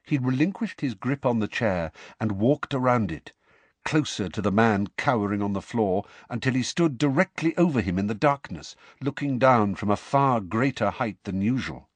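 Expressive man reading a story aloud. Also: mid-range voice, moderate pace, no echo. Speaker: audiobook narrator. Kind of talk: storybook narration.

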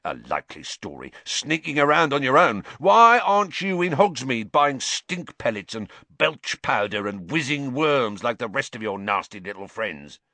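A man's voice: mid-range voice, big pitch swings, moderate pace, few pauses, sharp tone, no echo, pitched above the performer's own voice, exaggerated voice. A man voicing a suspicious, nasty old caretaker who snarls and spits his words. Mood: snarling.

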